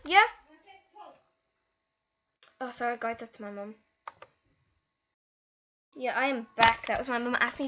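A high-pitched, bright female voice chattering through a game session, exclaiming and groaning as things go wrong. The recording is dull and lo-fi, with faint hiss and keyboard clicks behind her. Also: moderate pace, long pauses. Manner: excitable, exclaiming, easily frustrated. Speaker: gaming channel host. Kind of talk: live gameplay commentary.

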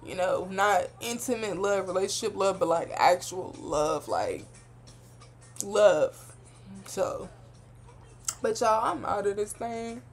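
A young woman rambles through her reactions in loose, slangy, heartfelt chatter, her voice sitting at an everyday middle pitch. Soft music plays faintly under her words from the clip she is watching. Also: lively intonation, takes it slowly, pauses often. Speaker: reaction video host. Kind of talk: casual reaction commentary.

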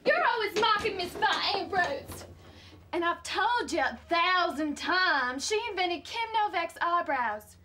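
A woman's voice: very high-pitched, animated, unhurried, bright, forceful tone, slight background noise, full character voice. An actress playing a young pageant contestant who pleads in a girlish, whiny way about her dreams. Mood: defensive. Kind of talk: TV comedy acting.

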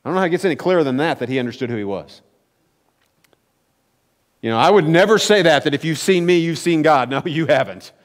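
A man's voice: a little high, animated, fast talker, pauses often. A man preaching a sermon as pastor, telling stories conversationally with emphatic, rising peaks. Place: church sanctuary. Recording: long church hall reverb.

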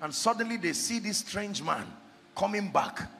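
Male preacher, very gravelly, forceful and bright, big pitch swings; echoey hall with faint music underneath. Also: expressive, normal speed. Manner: shouting and sing-song preaching. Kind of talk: impassioned sermon.

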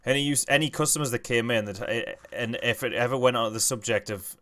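Playing a game, a male gaming channel host offers casual commentary, muttering to himself and rambling into anecdotes. He speaks briskly in a mid-range, slightly bright voice.

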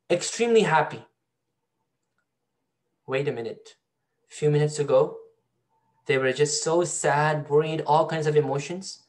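A male teacher giving a storytelling Quran lesson to a class, often asking students questions. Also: fairly high pitch. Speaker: Islamic studies teacher.

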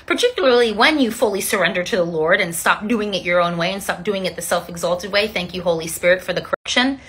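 A woman's voice: mid-range voice, quick pace, a bit bright, slightly rough. A young woman giving an informal devotional teaching, emphatic and repeating her declarations again and again. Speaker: Christian teacher.

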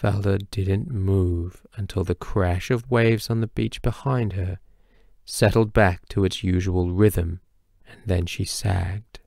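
A man reading a novel aloud as an audiobook narrator, in a measured way that slows for tense moments. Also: deep voice, fairly even intonation, gravelly, a little mellow, no echo, clean studio sound. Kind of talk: scripted narration.

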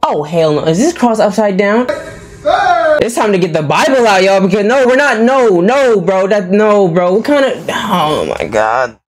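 A man's voice: sits high, expressive, normal speed, slight background noise. A man who is a gaming YouTuber gives jumpy, exclaiming commentary full of casual slang while playing a horror game.

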